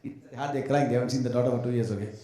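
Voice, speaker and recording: A man giving a devotional talk to an audience of devotees, telling anecdotes in an animated way, mimicking other people and adding joking asides. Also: mid-range voice, rapid-fire. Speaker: speaker addressing devotees. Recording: echoey hall sound.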